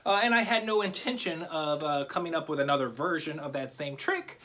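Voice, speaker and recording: A man's voice: on the high side, a little fast, sharp tone, a little hiss or hum. A man giving a comic magic lecture to camera, teaching a trick while joking, rambling and interrupting himself. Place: home video recording.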